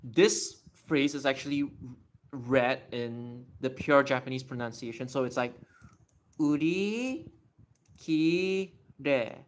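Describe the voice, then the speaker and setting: A man's voice: medium pitch, steady tone, measured pace. A young man on a casual livestream, explaining step by step while he writes and thinks aloud.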